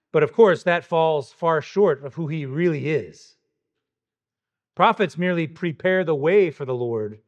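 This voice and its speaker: Man preaching an emphatic expository sermon. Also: on the high side. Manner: emphatic, questioning, pointed rhetorical emphasis.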